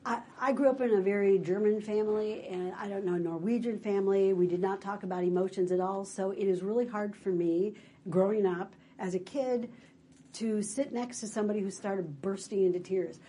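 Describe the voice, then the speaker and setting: A woman's voice: medium pitch, fairly quick, mellow, husky. A woman presenting a workshop on dementia care, acting out what a caregiver might say. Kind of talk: workshop talk.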